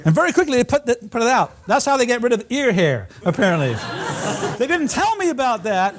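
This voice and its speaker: A male professor lecturing in a hall, his voice sitting high and swinging widely in pitch. He tells travel stories over slides in an animated, storytelling way. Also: a little fast, some chatter behind. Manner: animated anecdotes with audience laughter. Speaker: college geography professor giving a lecture.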